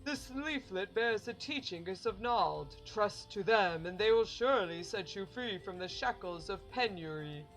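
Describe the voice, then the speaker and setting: Solemn smooth-talking fake priest, woman voicing him. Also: mid-range voice, expressive, unhurried, few pauses, faint music behind, poor audio. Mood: soothing. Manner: soothing, solemn, preachy.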